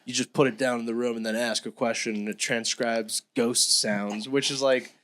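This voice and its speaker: A man's voice: medium pitch, steady tone, normal speed, a bit bright. A man co-hosting a casual podcast, swearing and acting out quotes in silly voices. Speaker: podcast co-host. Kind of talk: casual chat.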